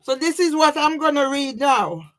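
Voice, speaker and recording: Woman, high voice, agitated, swearing, overwrought, sleepless, emotional personal vlog. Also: expressive, moderate pace. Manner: agitated, heavy swearing, repeated questioning "yeah?". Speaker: vlogger.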